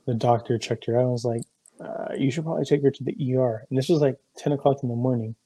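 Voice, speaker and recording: A man's voice: mid-range voice, fairly even intonation, quick pace, mellow, slightly rough, no room sound. A young man co-hosting a casual podcast, telling stories in a heated, profanity-heavy way. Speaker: podcast co-host. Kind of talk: casual chat.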